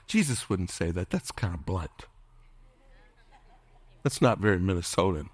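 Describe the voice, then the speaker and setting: A middle-aged man preaching a sermon as pastor, impassioned, calling out to the congregation and at times dropping to a hushed whisper. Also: low voice, lively intonation, a little slow, pauses often. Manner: calls out to the congregation for responses.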